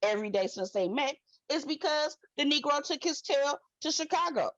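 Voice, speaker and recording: A woman guest in a casual recap chat, blunt and animated, with slangy storytelling. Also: high-pitched, normal speed, no room sound, dull audio.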